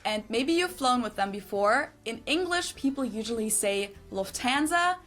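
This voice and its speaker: A woman from Germany, calmly explaining pronunciation in a scripted video. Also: a little high, normal speed. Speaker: language video presenter.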